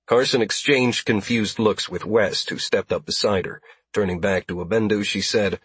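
A man reads a science fiction audiobook in a steady, even manner. His voice is husky and slightly low, recorded dry and close to the mic. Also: moderate pace, hardly any pauses, dry recording. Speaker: audiobook narrator. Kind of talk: scripted narration.

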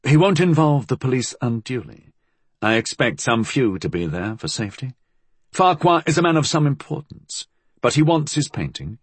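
Man voicing a male gang leader, measured, commanding, raised pitch, lively delivery. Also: breathy edge, dry recording. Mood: calm. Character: calm male gang leader, precise planner.

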